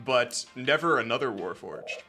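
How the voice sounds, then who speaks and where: A man running a tabletop game as game master, narrating in an unhurried way with many ums and uhs. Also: mid-range voice, lively intonation, pushed and bright, soft background music.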